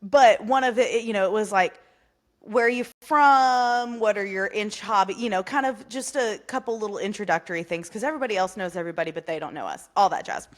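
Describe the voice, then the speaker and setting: A woman's voice: medium pitch, brisk. A woman co-hosting a podcast in casual chat, telling stories in an easygoing way on a video call. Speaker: podcast co-host.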